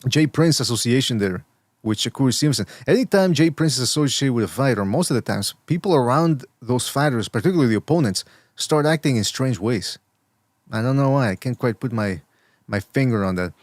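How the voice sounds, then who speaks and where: A man hosting a boxing podcast in loose, rambling chat. He keeps stumbling into restarts and repeated words, at a medium pitch, and his voice sits close and dry with no room sound around it. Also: animated, brisk, no echo. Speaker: podcast host. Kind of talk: casual boxing talk.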